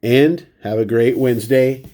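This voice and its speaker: A man with a stuffy, runny nose talks casually through a pile of baseball cards, one at a time. His voice is mellow and warm, sitting at an ordinary middle pitch. He rambles and pokes fun at himself as he goes. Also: unhurried. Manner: rambling, self-deprecating, shows cards one by one. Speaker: baseball card vlogger. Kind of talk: casual chat.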